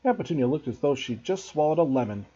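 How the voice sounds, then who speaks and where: A man, a teacher, reading a children's novel aloud to students in an expressive storybook narration. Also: a little high, fast talker, lo-fi sound, slight background noise.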